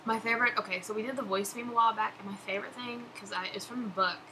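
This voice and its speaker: A woman's voice: fairly high pitch, fairly even intonation, fast talker, pushed and bright, rough recording. Chatty young woman vlogger. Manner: chatty, laughing, gushing. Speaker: vlogger answering follower questions. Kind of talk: casual chat. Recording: background noise.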